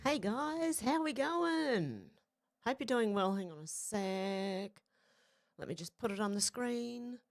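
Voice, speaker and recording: A woman's voice: fairly high pitch, lively intonation, slow pace, vocal fry, dry recording, studio quality. An Australian woman hosting a casual livestream, chatty and greeting viewers by name. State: sore back. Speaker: livestream host.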